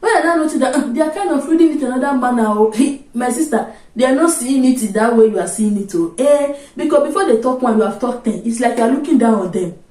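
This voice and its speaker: A young woman with a Nigerian accent telling a casual, animated story to her vlog audience, slipping into pidgin and acting out exclamations. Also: fairly high pitch, quick pace, few pauses, reverberant, recorded from a distance. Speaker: vlogger.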